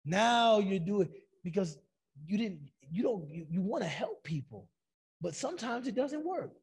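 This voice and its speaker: High-voiced male lecturer, gravelly and husky, animated storyteller. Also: unhurried. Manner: animated storytelling, acts out quotes. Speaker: Islamic lecturer. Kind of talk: lecture with stories.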